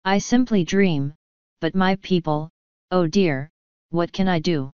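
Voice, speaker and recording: A woman's voice: fairly low pitch, slow, smooth, dry recording, highs cut off. A woman voicing a lazy, seductive male elf king who talks in a languid, mocking purr.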